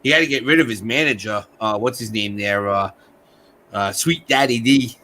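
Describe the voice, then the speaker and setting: A man's voice: on the low side, moderate pace, pushed and bright. A man hosting a casual chat, laughing often as he retells jokes. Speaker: host. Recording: faint background noise.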